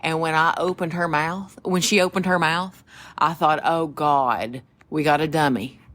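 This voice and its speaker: A woman with a Southern US accent, co-hosting a podcast and telling stories in casual chat, animated, laughing often and acting out quoted voices. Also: sits low, unhurried. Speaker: podcast co-host.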